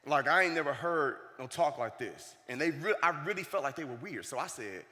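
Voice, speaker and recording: A man's voice: fairly high pitch, animated, a little fast, pushed and bright. A man giving a motivational keynote at a conference, telling stories and acting out the quoted dialogue. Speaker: keynote speaker. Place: large conference hall. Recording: reverberant conference hall.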